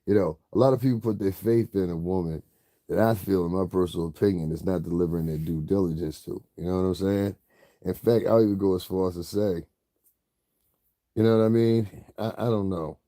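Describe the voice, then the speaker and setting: A man's voice: deep voice, steady tone, brisk, mellow, no echo, clean studio sound. A man giving casual commentary to his viewers, rambling, often repeating "you know what I'm saying" and laughing. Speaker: commentary vlogger.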